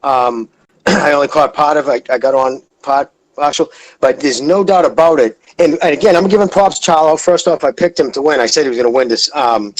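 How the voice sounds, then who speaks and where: A man's voice: on the high side, fairly quick. A man calling in to a boxing podcast, rambling and swearing freely as he talks through a fight. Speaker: caller. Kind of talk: casual boxing talk. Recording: phone call-in audio.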